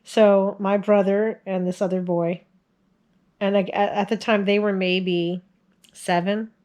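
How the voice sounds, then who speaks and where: A woman's voice: medium pitch, level tone, measured pace, a little mellow. A woman in her forties casually telling family stories to the camera in a chatty way, laughing often as she goes. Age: 40s. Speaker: video host sharing family stories.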